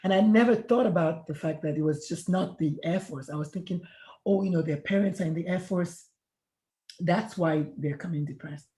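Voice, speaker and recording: A woman's voice: lowish voice, normal speed, warm tone. A middle-aged woman, a retired pediatrician turned life coach, reflectively sharing her story in an interview and acting out past conversations. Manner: reflective, earnest, retells conversations in dialogue. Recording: echoey room sound.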